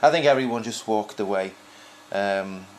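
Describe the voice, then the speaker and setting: A man's voice: fairly low pitch, moderate pace, a little hiss or hum. A man talking in a casual, reflective monologue, rambling with frequent restarts as a podcast host. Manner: rambling, many restarts and fillers, musing.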